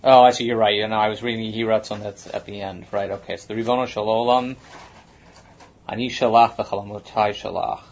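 A man's voice: fairly low pitch, steady tone, fairly quick. A man hosting a casual chat, thinking aloud as he talks. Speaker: podcast host. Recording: muffled lo-fi recording.

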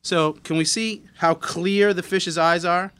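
A man's voice: sits high, fairly even intonation, a little slow, fairly bright tone, clean tone, dry recording. Man with a dry, close voice. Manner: easygoing, explains steps plainly. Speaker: chef guest. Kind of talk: casual cooking demonstration. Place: radio studio.

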